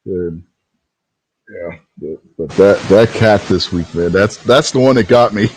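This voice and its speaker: A man's voice: low-pitched, measured pace, darkish tone, husky, rough recording. A man co-hosting a casual wrestling talk show, rambling a little and laughing easily as he talks. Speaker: podcast co-host.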